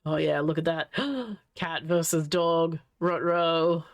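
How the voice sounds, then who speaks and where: A woman livestreamer in easy, casual commentary, gushing and giggling as she talks to the screen. Her voice sits a little low, yet it swoops up and down a great deal. She takes her time, letting each thought unhurriedly stretch out. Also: animated, slow pace, creaky. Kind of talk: casual live-stream commentary.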